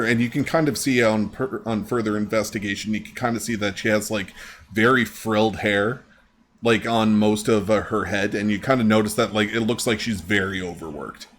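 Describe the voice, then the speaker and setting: A man in the game master's chair, describing the scene in a loose, meandering way, peppered with casual swearing. His voice sits on the low side. A faint steady hum sits under the recording. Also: moderate pace. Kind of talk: narrating a tabletop game, casual.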